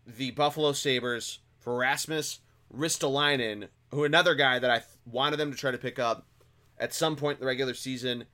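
A man's voice: mid-range voice, bright, forceful tone. A man hosting a casual sports podcast, talking through the news in a loose conversational way with fillers and restarts. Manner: conversational, with fillers and self-corrections. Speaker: podcast host.

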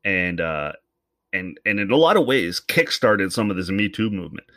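A man from Canada delivers a solo comedic rant, talking in a fairly low voice. He swears freely and thinks aloud, circling his point before landing it. The sound is dry and close, with no room echo. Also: big pitch swings, normal speed, fairly bright tone. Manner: profane, rambling, thinking aloud. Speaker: commentator.

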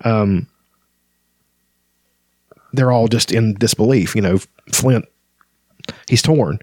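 A man's voice: fairly low pitch, slow pace, a little mellow, no room sound, studio quality. A man casually talking through a book he is reading, with frequent filler words. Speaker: book reviewer.

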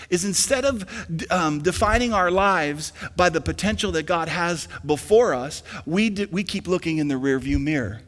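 A young man preaching a sermon as pastor in a church, emphatic and rising to loud peaks, with an easy storytelling manner. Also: fairly high pitch, lively intonation, moderate pace. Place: church sanctuary. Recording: long hall reverb.

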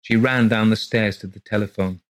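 A man narrating a ghost story for a podcast in a steady, measured way. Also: on the low side, poor audio. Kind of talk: scripted ghost story reading.

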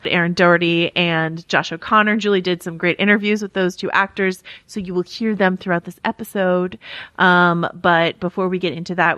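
A woman's voice: on the low side, fairly bright tone, no echo. A woman hosting a podcast, chatting casually with many fillers and easy laughs. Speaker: podcast host.

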